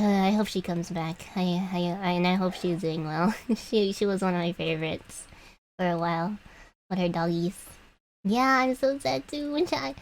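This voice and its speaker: A woman's voice: fairly low pitch, low-quality recording. Giggly young woman streamer. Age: young adult. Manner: rambling and giggly, with frequent laughs and restarts. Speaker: VTuber artist streamer. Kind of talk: casual chat while drawing. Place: home room.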